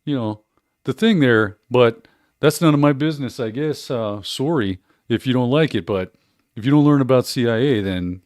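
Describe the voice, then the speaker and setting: A man's voice: mid-range voice, normal speed, a little mellow, no echo, studio quality, lightly acted. A man voicing a folksy, rambling Canadian male lecturer with a drawling Canadian accent, as a comic bit. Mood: jokey.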